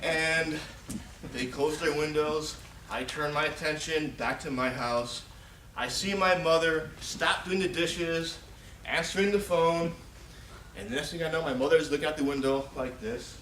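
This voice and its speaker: A man's voice: on the high side, unhurried. A man in his forties giving a humorous storytelling speech at a contest, acting out the scenes as he goes. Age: 40s. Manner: animated, acts out scenes and shouted pleas. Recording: echoey hall, distant mic, noisy.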